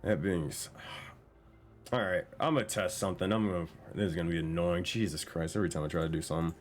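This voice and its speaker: A man's voice: low-pitched, quick pace, slight background noise. A man running a tabletop game on stream, talking casually, exasperated and swearing often. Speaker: game master.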